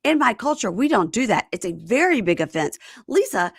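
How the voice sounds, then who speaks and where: An offended man lectures in an indignant, stern tone, as a woman podcaster voices him. The voice has a gravelly edge and loud emphasis. The recording is dry and close. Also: fairly high pitch, sing-song, fairly quick, no room sound, pitched above the performer's own voice, full character voice.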